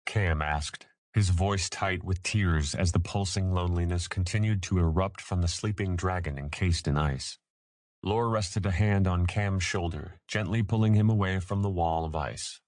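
Deep-voiced man reading an audiobook. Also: no room sound, studio quality. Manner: steady, measured reading. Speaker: audiobook narrator. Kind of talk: scripted narration.

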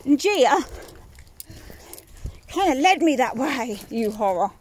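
A woman's voice: high-pitched, very animated, slow pace, darkish tone, slight background noise. A woman chatting casually outdoors in the fields, grumbling and swearing freely as she walks. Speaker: mother vlogging a countryside walk. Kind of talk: casual outdoor vlog chat.

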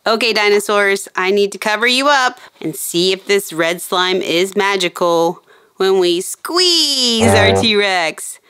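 Woman, kids' toy show presenter: slow, sing-song and excited, voice leaping up and down, dry close sound. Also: medium pitch, smooth, dry recording. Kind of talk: playful toy demo for kids.

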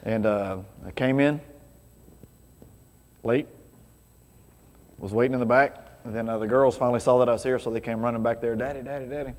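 A man's voice: mid-range voice, fairly even intonation, moderate pace, pauses often. A man preaching a casual, conversational sermon full of rhetorical questions to his congregation. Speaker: pastor. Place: church sanctuary. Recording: reverberant church hall.

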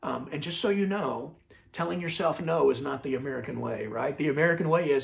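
A male pastor preaching a sermon with a somewhat high voice and a gravelly, fry-laden texture. He talks conversationally, stumbling and restarting words, and drives key phrases home through repetition. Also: fairly quick. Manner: repeats key phrases as a refrain. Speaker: lead pastor.

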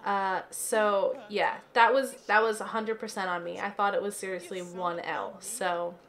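A woman's voice: medium pitch, level tone, a little slow, fairly bright tone. A woman chatting casually through gameplay commentary from her home office, giggly and filling her talk with "like" and "um". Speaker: let's play gamer.

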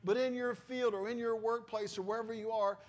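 This middle-aged pastor has a notably high-pitched voice and a steady tone, speaking fairly quickly as he delivers a sermon. He addresses the congregation loosely and conversationally, telling stories with emotional exclamations.

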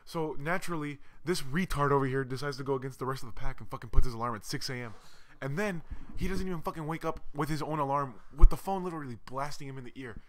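A young man telling a profane story to his friends on a live stream, loud and animated. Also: mid-range voice, quick pace. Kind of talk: casual group chat on a live stream.

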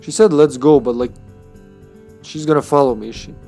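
A man's voice: medium pitch, fairly quick, gravelly, darkish tone, soft background music. A man streaming a video game live, chatting casually in a rambling way and chuckling often between thoughts. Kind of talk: casual live-stream chat while playing.

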